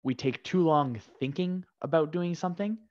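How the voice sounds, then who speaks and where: A man's voice: fairly high pitch, normal speed, a little mellow. A man hosting a casual podcast interview, often restarting sentences as he searches for words. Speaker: podcast host. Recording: slightly dull lo-fi audio.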